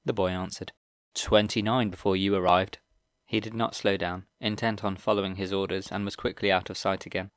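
A man narrating a middle-grade fantasy audiobook in a steady, even storytelling manner. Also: sits low, fairly quick, hardly any pauses, no echo, studio quality. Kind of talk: scripted narration.

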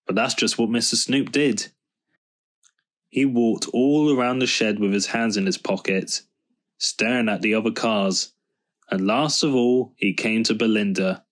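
A man reading a children's storybook aloud in a calm, measured narration. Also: on the low side. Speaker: storybook reader.

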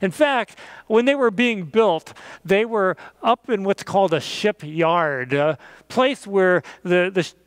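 A pastor telling a children's message story and ending in prayer, gentle and animated with playful sound effects. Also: male voice, high voice, takes it slowly, clean tone, no echo.

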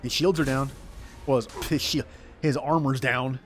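A man's voice: mid-range voice, steady tone, normal speed, faint music behind. Rambling self-deprecating male game streamer. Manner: rambling, self-deprecating chatter over gameplay. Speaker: gaming streamer. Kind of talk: casual let's-play commentary.

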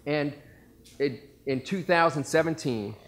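A man's voice: a little high, measured pace, fairly bright tone. Earnest man presenting an award. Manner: earnest, praising, with some fillers. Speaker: association president presenting an award. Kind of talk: formal award presentation speech.

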